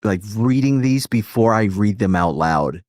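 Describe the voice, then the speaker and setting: This streamer and host takes his time, his fairly low, slightly mellow voice rising and falling in lively intonation as he rambles and curses through a casual stream, often restarting and cutting himself off. The audio is studio quality with no echo.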